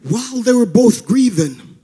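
A male pastor preaching a sermon in a chanted, sing-song cadence with rhythmic breaths, building to shouted passages. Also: extremely high pitch, expressive, normal speed, breathy edge. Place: church service.

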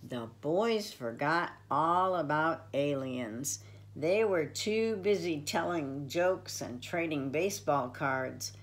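Unhurried older storyteller, gentle and expressive, reads to children. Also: female voice, low-pitched. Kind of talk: reading a storybook aloud.

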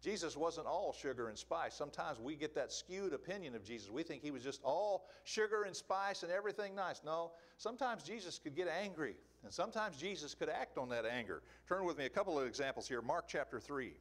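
Male preacher, sermon delivery, animated and emphatic, pitch on the higher side. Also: fairly quick, hardly any pauses. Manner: animated, emphatic, rhetorical questions.

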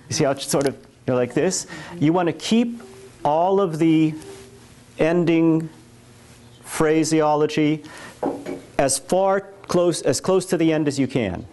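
A man giving a workshop lecture on church cantoring, explaining casually and sometimes singing slow chant lines. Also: fairly high pitch, mellow. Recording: faint background noise.

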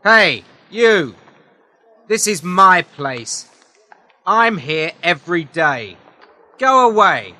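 A man shouting as an angry young homeless man. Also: high-pitched, big pitch swings, very slow, pauses often, pitched above the performer's own voice, full character voice. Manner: shouting, aggressive.

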